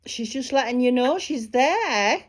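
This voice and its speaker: A woman working as a psychic medium, giving a private reading in a gentle, reassuring way and relaying spirit messages. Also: sits high, expressive, measured pace.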